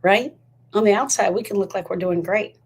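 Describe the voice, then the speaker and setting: A woman's voice: mid-range voice, quick pace, darkish tone, husky. A woman giving a motivational talk on grief, emphatic and full of repeated rhetorical questions. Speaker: grief educator.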